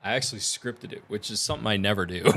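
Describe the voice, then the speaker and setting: With a bright, forceful, mid-range voice, a tech vlogger chats casually on his vlog. He rambles about audio gear and upcoming plans, laughing easily and leaning on fillers.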